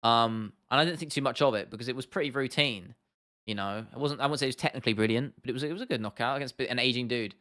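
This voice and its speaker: Young southern English man, livestream host, loose and chatty, bright, smooth delivery. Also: medium pitch, fast talker. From southern England. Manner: chatty, laughs often, repeats himself, addresses chat as bro and lad. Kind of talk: casual livestream chat reading viewer comments.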